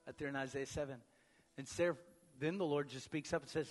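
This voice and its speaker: A male pastor preaching a sermon, swinging between booming emphatic proclamation and hushed, near-whispered lines. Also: steady tone, fairly quick. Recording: long reverb of a large hall.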